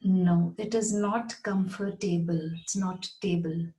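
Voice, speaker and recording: A woman teaching English pronunciation in a patient way, saying each word slowly and repeating it. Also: lowish voice, steady tone, mellow, reverberant, slight background noise, rough recording. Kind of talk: slow, deliberate pronunciation lesson.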